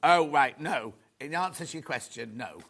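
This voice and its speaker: A man presenting a live shopping show in a studio, chatty and rambling with quick asides. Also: on the high side, animated, gravelly, a bit bright. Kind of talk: live selling chat.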